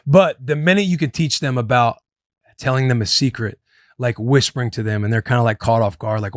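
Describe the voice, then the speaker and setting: A man's voice: mid-range voice, a little fast, dry recording, studio quality. A man in his thirties hosting a podcast, giving advice in loose, casual chat and calling himself "your boy". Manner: loose and chatty, calls himself "your boy", speaks to listeners as "boys". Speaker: podcast host.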